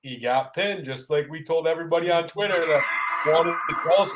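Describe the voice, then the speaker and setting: A man co-hosting a casual sports podcast. He talks in a halting way, with frequent ums. His voice sits a little higher than most men's. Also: noisy background. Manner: halting, with many ums while going over results. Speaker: podcast co-host.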